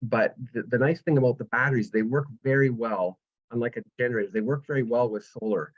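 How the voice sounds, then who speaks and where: A man's voice: medium pitch, fast. A man, explaining solar power step by step with patient analogies in a webinar over a video call. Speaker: solar energy presenter. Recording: dull lo-fi webinar audio.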